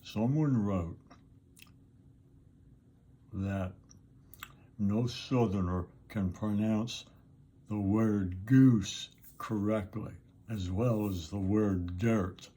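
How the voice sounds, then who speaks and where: An older man with a Southern American accent, talking casually to his camera outdoors in an unhurried, rambling way with plenty of pauses. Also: lowish voice, dark tone, husky. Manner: slow, rambling and unhurried with frequent uhs. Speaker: vlogger. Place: outdoors in the sun.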